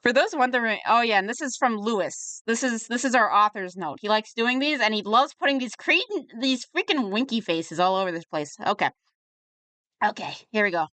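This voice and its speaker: A young woman picks apart a webcomic in chatty, sarcastic commentary, a little tipsy from drinking. Her voice is bright and slightly high, and the sound is dry and close to the mic. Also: lively intonation, brisk, no room sound. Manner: chatty and sarcastic, riffing on the comic. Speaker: webcomic reviewer. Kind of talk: casual comedic commentary.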